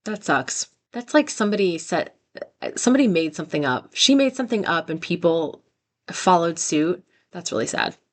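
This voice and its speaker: A woman's voice: fairly low pitch, sing-song, moderate pace. Chatty woman reading stories aloud. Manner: chatty, reacts with laughs and asides. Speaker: storytelling channel host. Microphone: own microphone.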